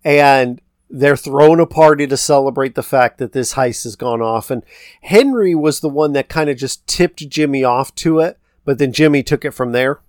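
A man's voice: mid-range voice, moderate pace, no echo, clean studio sound. A man co-hosting a podcast, loosely retelling a film's plot in a rambling, casual way and quoting characters. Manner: rambling, retells scenes with quoted lines. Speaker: podcast co-host. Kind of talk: casual movie recap chat.

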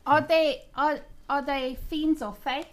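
A woman's voice: sits high, steady tone, slow. A woman playing a tabletop game, eager and always asking questions. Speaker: player. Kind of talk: casual tabletop game chat.

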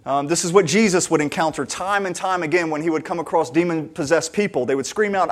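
A man preaching a sermon, earnest and conversational, often restarting his sentences and building to emphatic, louder peaks. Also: on the high side, brisk. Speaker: pastor.

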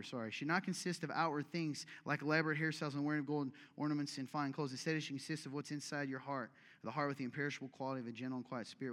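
A man preaching a sermon as pastor, with an emphatic, conversational delivery and big swings from loud to quiet. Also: mid-range voice, big-room sound.

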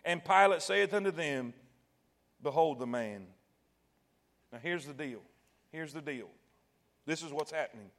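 A man preaching a sermon, retelling a scripture passage and acting out its voices, swelling at times to shouts. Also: fairly high pitch, normal speed, gravelly. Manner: dramatic, acts out quoted voices and swells to shouts.

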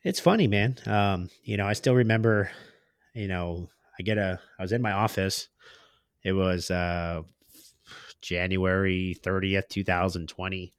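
A man's voice: low-pitched, unhurried, clean tone, no echo, clean studio sound. A man speaking as a podcast guest and business owner. He tells stories in a slangy, candid way and acts out the people he quotes. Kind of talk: casual storytelling in conversation.

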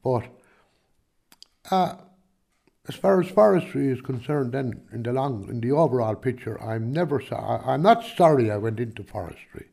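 A man's voice: mid-range voice, lively intonation, normal speed, vocal fry, warm tone. A man with a Kilkenny Irish accent, a farmer answering interview questions in a rambling, chatty way, full of restarts and "do you know what I mean". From Ireland.

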